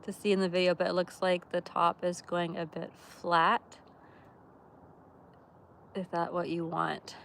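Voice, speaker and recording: A woman's voice: on the low side, little pitch movement, measured pace, vocal fry, long pauses, slight background noise. Woman live chatting from her camper van, laid back and laughing a lot. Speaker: livestream host. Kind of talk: casual livestream chat. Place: camper van by a wood stove.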